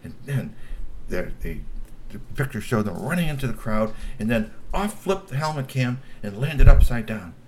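Animated man telling a story. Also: mid-range voice, normal speed, slight background noise. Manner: exclamatory, with laughing asides and repeated words.

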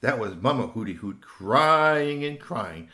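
A man telling a children's story in a playful, animated way, with shrill owl hoots and little asides. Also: measured pace.

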